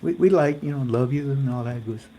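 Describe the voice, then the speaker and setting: A man imitating a grateful young woman caller, speaking in a halting way with repeated words. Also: medium pitch, mellow, slight background noise, natural voice. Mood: eager.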